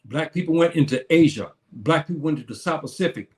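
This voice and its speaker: This live-stream lecturer has a fairly high, slightly mellow voice. Between bits of teaching he reads viewers' comments and answers them, often stumbling and restarting.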